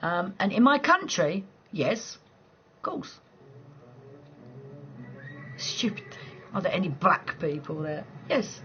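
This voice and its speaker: A woman from southeast England with a local accent, chatting casually with viewers on a late-night live stream from home, blunt and quick to laugh. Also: on the low side, big pitch swings, fairly bright tone, highs cut off, slight background noise. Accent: southeast English. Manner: chatty, blunt, swears freely, laughs easily.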